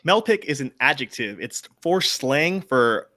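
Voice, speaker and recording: A man playing a comedy game show, giving playful joking answers with quick asides. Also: mid-range voice, sing-song, bright, forceful tone.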